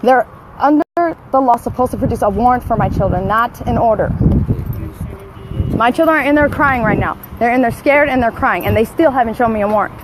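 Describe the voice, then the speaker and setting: A woman's voice: on the high side, brisk. A mother filming a live phone stream outdoors behind a school, talking urgently and repeating her demands insistently. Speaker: mother livestreaming a confrontation. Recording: loud outdoor street noise.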